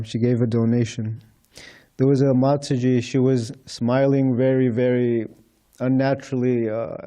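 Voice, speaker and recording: A man with a warm, medium-pitched voice speaks as a temple speaker in a temple hall. He tells anecdotes to the congregation in a storytelling talk, retelling conversations with light chuckles.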